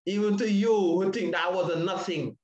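A man's voice: high-pitched, moderate pace, darkish tone, roomy sound, dull audio. A man giving an impassioned testimony in a repetitive preaching cadence. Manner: preaching cadence with repeated phrases. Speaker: panel speaker sharing testimony.

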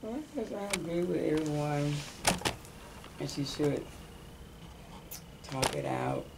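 A woman in a church class explaining herself haltingly, repeating words as she searches for them. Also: low voice, lively intonation, creaky, very noisy. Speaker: class member. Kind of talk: sharing in a church class discussion.

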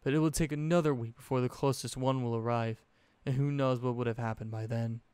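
A man voicing a scheming silver-haired male headmaster who speaks in a calm, measured, quietly menacing way. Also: mid-range voice, smooth, dry recording, close to an everyday voice.

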